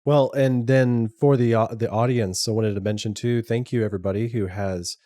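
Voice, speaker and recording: A man's voice: mid-range voice, fairly even intonation, normal speed, mellow. A middle-aged man co-hosting a podcast, chatting casually and often restarting his sentences. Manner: trips over words, many restarts. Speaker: podcast co-host and editor. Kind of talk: casual chat.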